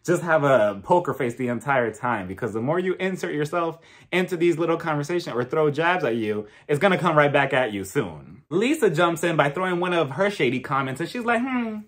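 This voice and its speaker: A man with a fairly high voice recaps a reality show, sassy and gossipy. His delivery is casual and animated, full of asides as he gives his opinions. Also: fairly quick. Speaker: reality TV reviewer. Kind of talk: casual commentary.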